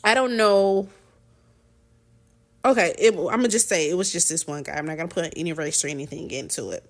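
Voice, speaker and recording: A woman's voice: fairly low pitch, fairly quick. Chatty, dramatic woman telling a story. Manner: chatty and dramatic, lots of fillers and restarts; slangy, informal phrasing. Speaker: podcast host. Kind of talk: casual storytelling monologue.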